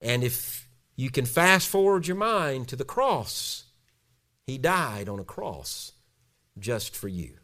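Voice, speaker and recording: A man's voice: mid-range voice, big pitch swings, takes it slowly, sharp tone. A male pastor preaching a sermon, telling a story in a storytelling way and ending in a spoken prayer.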